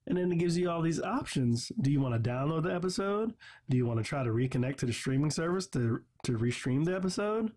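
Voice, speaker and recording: A man's voice: high voice, darkish tone, breathy edge. A man hosting a gaming channel, giving a frustrated, profane, rambling game review. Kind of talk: casual ranting game review.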